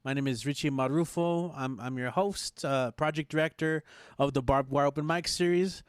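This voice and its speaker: A man hosting an open mic over a video call, closing the show in a relaxed, grateful, rambling way. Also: a little high, moderate pace, smooth, no room sound, studio quality. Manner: laid-back, grateful, rambling. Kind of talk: casual closing remarks.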